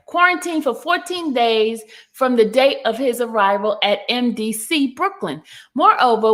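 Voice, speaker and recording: High-pitched, unhurried woman host. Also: a bit bright. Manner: stumbling over words while reading, laughing. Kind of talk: casual chat and reading a letter aloud.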